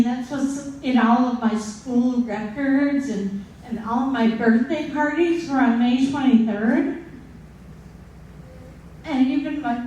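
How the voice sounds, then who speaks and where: Woman, 60s, live storyteller; slightly high voice, unhurried comic delivery, distant miked in a reverberant room. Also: dark tone, a little hiss or hum. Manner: slow, comic, with dramatic pauses. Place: stage at a live story slam. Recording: very echoey hall, distant mic.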